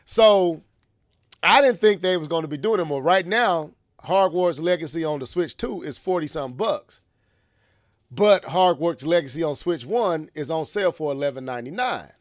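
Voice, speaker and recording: Male podcast host, high voice, dry close sound, animated, slangy casual chat. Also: moderate pace, dry recording. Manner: animated, slangy, restarts often.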